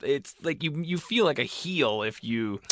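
Bright-voiced rambling man. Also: medium pitch, lively intonation, a little slow, no echo. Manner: rambling, self-mocking, restarts a lot. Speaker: podcast host. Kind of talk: casual comedic chat.

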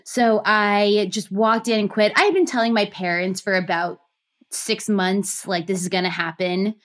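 A woman in her thirties, a guest telling her story in a lively, gushing way with many fillers. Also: mid-range voice, normal speed. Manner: animated, gushing, lots of fillers. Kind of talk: casual storytelling interview.

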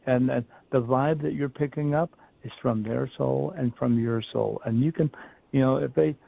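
A man with a gravelly, fry-laced voice talks through a remote interview, drifting from point to point and playing out little scenes. The sound is narrow and tinny, like a phone call. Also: medium pitch, moderate pace. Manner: rambling storyteller, repeats and restarts, acts out quotes. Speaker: medium, podcast guest. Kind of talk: casual interview talk.

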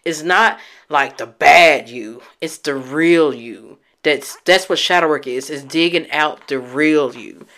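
A woman's voice: sits low, measured pace, few pauses, a bit bright. Candid, teary woman vlogging to camera. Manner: candid, emotional, speaks straight to her viewers. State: teary from recent crying. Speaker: vlogger sharing her healing journey. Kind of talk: casual heartfelt talk to camera.

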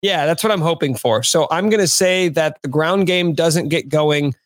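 A man's voice: fairly high pitch, normal speed, no room sound. A man hosting a sports podcast, chatting casually with a wry, sarcastic edge.

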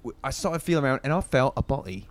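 A flustered, laughing neighbour, played by a man, speaking in a put-on British accent. His voice jumps lively up and down as he stumbles through his story. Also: mid-range voice, quick pace, no echo, close to an everyday voice. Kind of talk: improvised comedy podcast.

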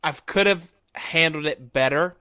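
A man's voice: on the high side, unhurried, pushed and bright, clear, resonant tone. A man co-hosting a podcast in casual chat, earnest and reflective, restarting his sentences often. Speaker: podcast co-host.

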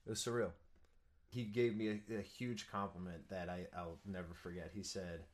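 Young man, somewhat low voice, stage actor guest, earnest, chatty, filler-heavy. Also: steady tone, moderate pace. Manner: earnest, eager storytelling with many fillers. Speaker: musical theater actor, guest. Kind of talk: casual interview chat.

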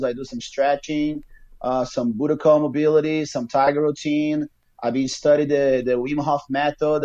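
A man, a jiu-jitsu athlete chatting as a podcast guest over a video call, relaxed and rambling with many fillers. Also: a little high, muffled recording. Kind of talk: casual remote interview chat.

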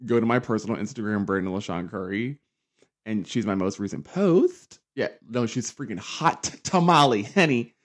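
A young man hosting a casual solo pop culture podcast, sassy and campy, dramatic, often jumping up into high mocking voices. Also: animated, moderate pace. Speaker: podcast host.

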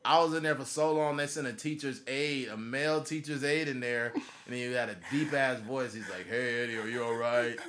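A man's voice: mid-range voice, a little fast, few pauses, a bit bright. A man in his thirties hosting a podcast, telling a story in a casual, profane way and laughing as he goes. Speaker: podcast host.

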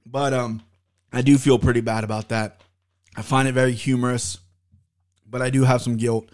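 A young man hosting a podcast, telling a story in casual, profane chat with sudden loud outbursts. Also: mid-range voice, flat delivery, moderate pace. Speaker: podcast host.

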